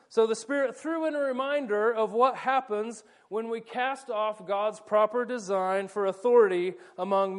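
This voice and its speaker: High-voiced man preaching an animated sermon. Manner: animated, explanatory, playful asides. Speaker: pastor. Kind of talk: sermon with volunteers acting out a scene.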